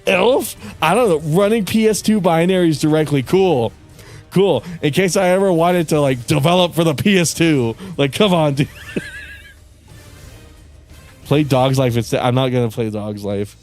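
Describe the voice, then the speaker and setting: A young male streamer in a casual livestream rant, cursing and venting in frustration with bursts of yelling. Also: a little high, moderate pace, faint music behind. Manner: frustrated, profane ranting with bursts of yelling and laughter.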